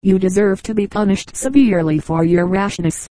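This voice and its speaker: A woman's voice: medium pitch, moderate pace, mellow, dry recording, lightly acted. A woman voicing a hungry, savage male wolf who snarls accusations in a storybook fable. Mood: fierce.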